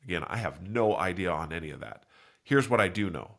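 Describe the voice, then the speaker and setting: Guy with a cold doing a solo motivational podcast, fairly low voice but bright, swoops up and down a lot. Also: animated, a little fast, creaky. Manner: earnest, rambling, self-correcting; acts out quoted voices with big pitch jumps. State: congested from a cold. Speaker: podcast host.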